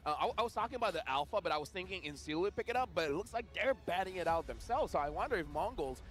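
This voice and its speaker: A young man casting an esports draft in casual stream style, his pitch swinging widely as he reacts. His tone is bright and forceful, slightly higher than most. Faint game music runs behind him. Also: racing. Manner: animated, playful, fond of putting on voices. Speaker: esports co-caster. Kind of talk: casual live-stream commentary.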